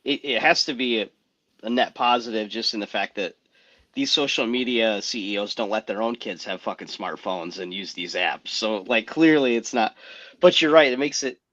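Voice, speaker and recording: A man's voice: fairly low pitch, normal speed, fairly bright tone, lo-fi sound. A man hosting a casual podcast chat, blunt and swearing casually.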